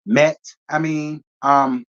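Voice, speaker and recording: A man's voice: fairly high pitch, steady tone, slow pace, fairly bright tone, dull audio. A man hosting a casual reaction commentary, talking bluntly and rambling, with slang and swearing. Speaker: commentary host.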